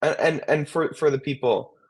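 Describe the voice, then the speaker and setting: A man's voice: on the high side, fairly even intonation, normal speed, husky. A man in his twenties, co-hosting a podcast in casual chat, rambling with many restarts and fillers. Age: 20s. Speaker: co-host.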